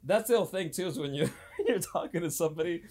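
A man's voice: a little high, quick pace, slight background noise. A man co-hosting a casual podcast, swearing and acting out little scenes as he talks. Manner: animated, swearing, acts out voices. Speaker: podcast co-host. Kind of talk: casual crude chat.

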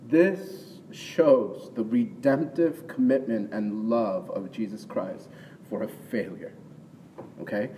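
A pastor takes his time delivering a conversational sermon, his fairly low voice dark in tone. He often checks in with "right?" and rises into emphatic bursts. The sound is distant, carrying long hall reverb, faint ambience, and a little hiss or hum.

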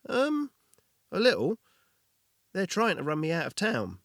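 A man's voice: high voice, expressive, moderate pace, dry recording, studio quality, voice pushed up. A man voicing an eager, talkative village blacksmith who gets a bit flustered.

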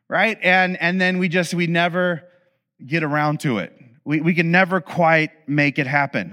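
Bright-voiced man telling a story. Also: fairly high pitch, moderate pace. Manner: animated, acts out quoted dialogue; humorous, confiding asides. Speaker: speaker addressing an audience. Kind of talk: conversational storytelling talk.

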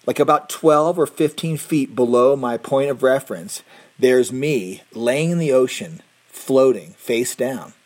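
A middle-aged man recounts a personal story in a loose, conversational way. His voice has a husky, slightly breathy edge. He restarts and corrects himself often. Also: medium pitch, a little slow, darkish tone. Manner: rambling, self-correcting, with laughs and restarts.

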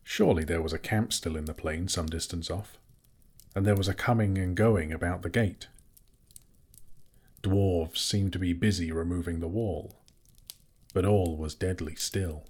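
Low husky guy reading a fantasy audiobook, steady and measured. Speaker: narrator. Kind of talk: scripted audiobook narration.

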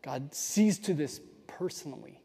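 A man preaches with earnest, nerdy enthusiasm, often circling back to restart a phrase. His voice sits a little high but has a mellow tone. The sound carries a long reverb, like a large sanctuary. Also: expressive, a little slow, vocal fry, breathy edge. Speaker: pastor. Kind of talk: sermon.

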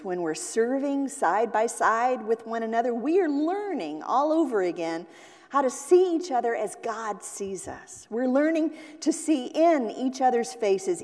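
A woman pastor preaching a sermon, slow and deliberate, sometimes acting out the voices she quotes. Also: a little high, mellow, long reverb tail. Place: church sanctuary.

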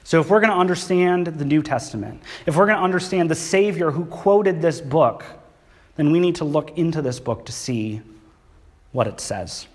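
A man's voice: a little high, moderate pace. Conversational man preaching. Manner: conversational, asks the congregation questions. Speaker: pastor. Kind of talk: sermon. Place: church hall.

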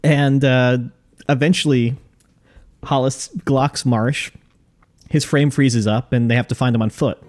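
A man's voice: medium pitch, steady tone, darkish tone. A man hosting a podcast, recapping an episode casually with crude jokes. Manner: joking, crude, quick recaps. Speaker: podcast host. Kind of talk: casual chat.

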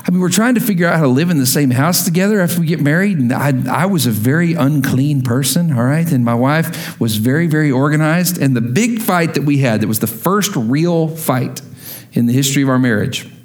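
A man preaching a sermon to his congregation, telling stories with lively acted-out quotes. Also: a little high, a little fast. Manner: animated storytelling with acted-out quotes. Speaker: pastor.

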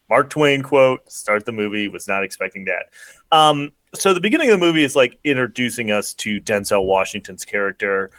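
A man hosts a laid-back podcast, walking through a movie plot in a meandering way with plenty of fillers. His voice sits at an ordinary middle pitch. The sound is dry and close, with no room around it. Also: very animated, brisk, a bit bright, no room sound. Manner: rambling, filler-heavy summarizing. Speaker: podcast host. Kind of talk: casual podcast chat.

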